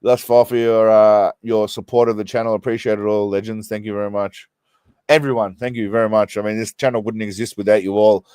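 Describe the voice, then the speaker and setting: A man's voice: lowish voice, level tone, a little fast, mellow, clean tone, no room sound. An Australian man hosting a casual live stream from a small room, rambling and laughing as he thanks his viewers and keeps getting sidetracked.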